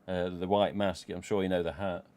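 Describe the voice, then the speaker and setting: A man's voice: sits low, little pitch movement, moderate pace, a little mellow, smooth. A middle-aged man with an English Midlands accent, chatting casually on a live stream, rambling and swearing freely as he goes. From England. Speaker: livestream host.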